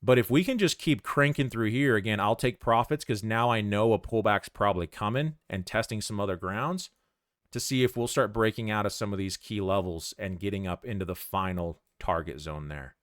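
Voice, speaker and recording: Male trader, lowish voice, smooth and clear, calm running commentary on a live trade, close dry mic. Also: moderate pace, dry recording. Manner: thinking aloud, calm and conversational.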